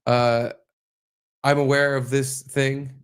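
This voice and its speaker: A man's voice: medium pitch, normal speed. A man co-hosting a comedy podcast, swearing freely and joking while reacting to videos. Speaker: podcast co-host. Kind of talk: casual comedic banter.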